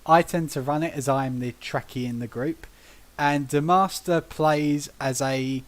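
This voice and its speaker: Higher-voiced British man telling game stories. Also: measured pace. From Britain. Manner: animated storyteller who acts out quotes and laughs often. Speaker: podcast host. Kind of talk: casual podcast chat.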